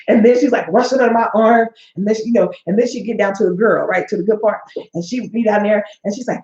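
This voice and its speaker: A woman in her forties, a life coach and host, gives a preachy motivational talk packed with stories and acted-out quotes, in a sassy manner. Her medium-pitched voice is darkish and a little fast. The recording sounds dull and echoey.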